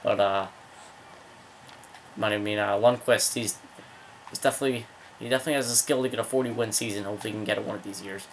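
A young man casually commentating his own hockey video game, rambling between excited outbursts at the plays. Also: lowish voice, quick pace, long pauses, a little hiss or hum. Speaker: gaming video host.

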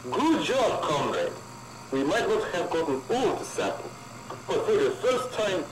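A man voicing a calm male facility supervisor in a game, with a thick Russian accent, giving matter-of-fact orders and calling the listener comrade. He sounds like a character from an indie horror game. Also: high-pitched, unhurried, over a noisy crowd, rough recording. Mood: puzzled.

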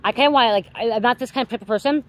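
A psychic card reader with a slightly high voice talks rapid-fire on a low-quality recording with slight background noise. Speaking straight to her viewers, she's emphatic, repetitive, and openly profane, getting more heated as she goes.

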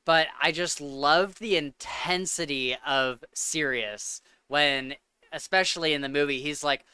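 A man hosts a casual podcast chat, gushing and enthusiastic, with lots of likes and ums. His voice is higher, bright and crisp, and it sits dry and close to the mic. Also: unhurried, dry recording. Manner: enthusiastic, gushing, filler-heavy. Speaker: podcast host.

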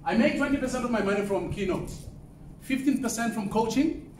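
A man's voice: extremely high pitch, brisk, far from the mic, slight background noise. A man from southern Africa giving a motivational business talk to a live audience, conversational and often asking the room questions. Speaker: keynote speaker. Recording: echoey room from off-mic.

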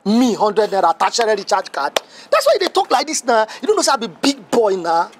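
A man's voice: sits high, wildly swooping pitch, a little fast, background noise. Boastful Nigerian gateman. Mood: joking. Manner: Nigerian Pidgin, boastful and joking. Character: boastful young male gateman, cheeky. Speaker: gatekeeper.

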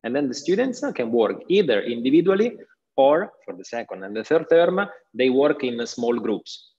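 A man's voice: medium pitch, very animated, moderate pace, a little mellow, husky. A man with an Italian accent giving an online school presentation, hesitant with many fillers. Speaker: school representative. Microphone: video call. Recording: dull lo-fi online call audio.

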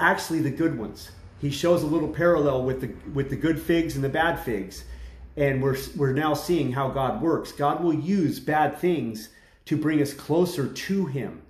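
A man giving a loose, conversational sermon, full of slang and restarts. His voice sits a bit high for a man and carries a roomy echo around it. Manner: casual slangy preaching with restarts. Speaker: preacher. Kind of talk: informal sermon video.

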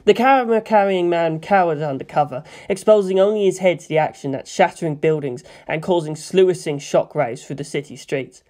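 A man narrating a fan fiction story in a steady, measured reading. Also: on the high side. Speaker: fanfiction reader. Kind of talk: scripted narration.

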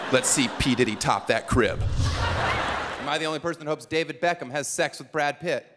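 A male stand-up comedian performing before a live audience, telling animated, sarcastic stories. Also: fairly high pitch. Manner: animated storytelling, wry and sarcastic. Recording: echoey hall with audience crowd noise.

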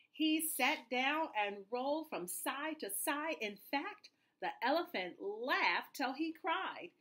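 Breathy woman reading a picture book. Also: high-pitched, a bit bright. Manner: sing-song rhyming delivery. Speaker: storyteller. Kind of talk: picture book read-aloud.

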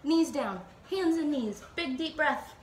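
A woman teacher guiding children through a slow, playful yoga flow with animal sounds, recorded at home. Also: high-pitched, animated, reverberant, a little hiss or hum. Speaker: Montessori teacher leading kids' yoga. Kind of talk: gentle guided yoga instruction for children. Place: at home, dog nearby.

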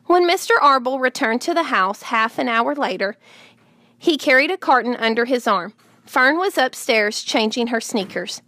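A woman's voice: on the high side, no room sound, clean studio sound. Woman reading a children's book aloud. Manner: measured, gently expressive. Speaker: audiobook narrator.

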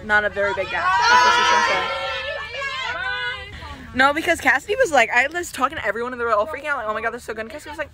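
A young woman chatting excitedly on a phone vlog, giggly and chatty. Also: high-pitched, quick pace, pauses often. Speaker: vlogger. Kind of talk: casual vlog chat. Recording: loud crowd and street noise.

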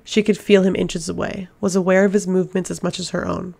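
A woman narrating a fantasy novel as an audiobook reader, in a steady, even reading voice. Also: lowish voice, a little fast, vocal fry, few pauses.

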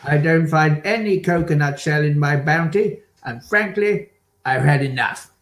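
A man improvising a grumbling pundit, delivering absurd complaints in a deadpan way. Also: fairly high pitch, a little slow, echoey room. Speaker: improv performer playing a pundit. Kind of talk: improvised comedy.

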